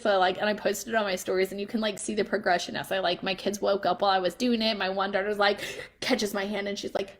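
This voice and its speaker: A woman in her thirties chatting casually to the camera as a mom vlogger, animated and laughing as she tells family stories. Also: mid-range voice.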